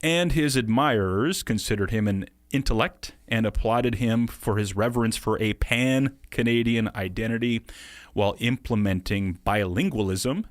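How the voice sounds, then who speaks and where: An American man co-hosting a podcast, talking casually and quickly, laughing often. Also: lowish voice, no echo, clean studio sound. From United States. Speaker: podcast co-host.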